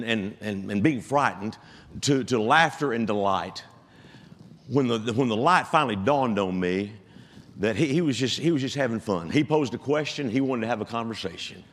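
A man's voice: medium pitch, long reverb tail. A man in his seventies, a retired pastor, preaching with self-deprecating storytelling and frequent restarts. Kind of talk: sermon with a humorous story. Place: church sanctuary.

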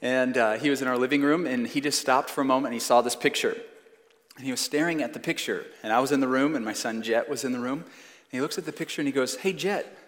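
Male pastor, 30s, emphatic sermon delivery, mid pitch, long hall reverb. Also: a bit bright. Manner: earnest, emphatic preaching with slow stressed phrases. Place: church sanctuary.

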